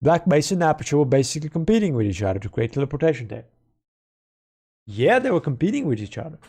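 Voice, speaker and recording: Rambling male streamer, slightly high voice. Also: sing-song, fast talker, darkish tone, slightly rough. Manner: rambling, self-correcting, speculative. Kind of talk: casual live-stream commentary.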